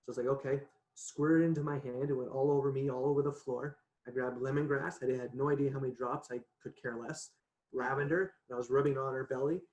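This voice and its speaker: Male guest, mid pitch, animated casual storyteller, echoey video call audio. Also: fast talker, lo-fi sound. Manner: chatty, animated, laughs often, says "right?" a lot. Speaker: podcast guest. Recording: echoey room.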